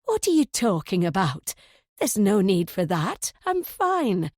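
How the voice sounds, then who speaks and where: Woman reading as an older landlady, sweetly motherly and unsettling; mellow, dry audiobook read. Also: mid-range voice, very animated, a little slow, dry recording. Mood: indignant. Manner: coaxing, motherly.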